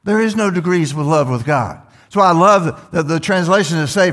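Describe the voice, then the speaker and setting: A man's voice: on the high side, normal speed, fairly bright tone. An older man preaching a sermon as pastor, talking conversationally and asking the congregation questions. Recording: long hall reverb with faint music.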